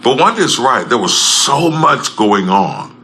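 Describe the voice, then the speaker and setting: A man speaking in an impassioned public address, emphatic and repetitive, swinging between loud outbursts and low tones. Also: big pitch swings, takes it slowly, a little hiss or hum.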